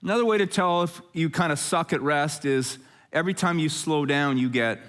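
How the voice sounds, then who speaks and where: A middle-aged man preaching a conversational sermon as pastor, telling stories with jokes and lively asides. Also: fairly high pitch, moderate pace. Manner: jokey, animated storytelling with asides.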